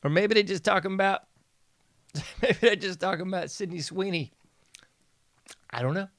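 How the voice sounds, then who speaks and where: A man's voice: sits high, moderate pace, fairly bright tone, dry recording, clean studio sound. Sarcastic man hosting commentary. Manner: mocking, sarcastic, laughs often. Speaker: podcast host. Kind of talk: casual sarcastic news commentary.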